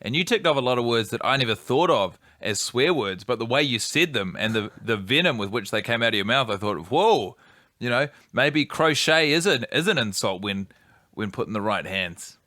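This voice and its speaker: Male podcast co-host, deadpan mock filmmaker, bright tone, dry close sound. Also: lowish voice, brisk, no room sound. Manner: deadpan, rambling and self-serious.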